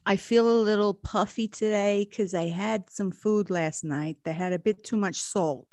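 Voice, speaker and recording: A woman's voice: mid-range voice, normal speed, a little mellow, no room sound, studio quality. A woman hosting a casual live-stream chat, rambling and laughing often. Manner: chatty, rambling, laughs a lot. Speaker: host.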